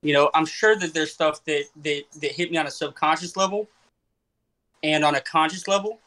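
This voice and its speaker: A man's voice: on the high side, fairly even intonation, moderate pace, pushed and bright. A young man hosting a casual podcast chat, rambling and questioning himself with many restarts. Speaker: podcast host and comedian.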